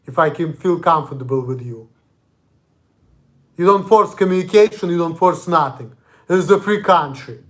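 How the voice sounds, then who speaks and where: A man's voice: fairly high pitch, animated, normal speed, pauses often, a bit bright. A young man from Russia with a Russian accent, ranting angrily and profanely in a confrontational monologue. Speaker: vlogger. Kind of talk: angry monologue.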